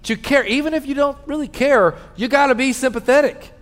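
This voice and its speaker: Earnest pastor preaching in a reverberant hall. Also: male voice, fairly quick. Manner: earnest storytelling, drops soft and low in emotional moments. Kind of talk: sermon. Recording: long reverb of a large hall.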